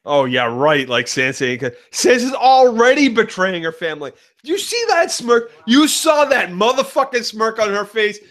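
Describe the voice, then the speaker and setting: Boston man, fairly high voice, loud profane ranter, co-host. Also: very animated, normal speed, hardly any pauses. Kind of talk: profane ranting fan commentary.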